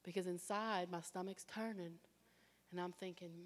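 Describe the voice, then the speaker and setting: A woman preaching a sermon, telling her own story with animated delivery and acting out other people's voices. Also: lowish voice, moderate pace. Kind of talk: sermon with personal testimony. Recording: long reverb of a large hall.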